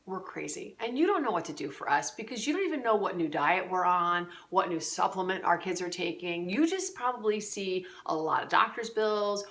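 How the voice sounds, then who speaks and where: A woman's voice: fairly low pitch, sharp tone. A middle-aged woman giving earnest, conversational parenting advice straight to camera, with fillers and restarts. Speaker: parenting coach. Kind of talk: direct-to-camera advice talk.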